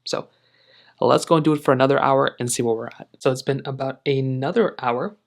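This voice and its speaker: Guy talking through a phone test, laid back, lots of "gonna go ahead" and "kind of", mid pitched. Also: brisk, vocal fry. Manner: relaxed, rambling with filler phrases. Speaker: tech reviewer. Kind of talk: casual tech review narration.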